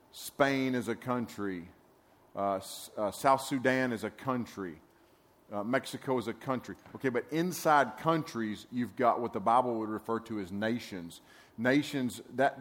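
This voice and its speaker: A middle-aged man speaks to a youth camp in an easygoing, conversational preaching style. His voice sits at an ordinary male pitch. He wanders from point to point and keeps checking in with his listeners. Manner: rambling and folksy, often checking in with listeners. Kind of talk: conversational sermon to a youth group.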